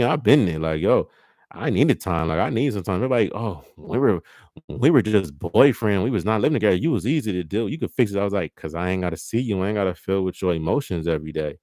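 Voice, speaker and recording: Man, young adult, very low voice, casual profane monologue. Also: darkish tone, no echo, clean studio sound. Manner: loose, profane, acts out both partners in quick quoted bits. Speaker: livestream host.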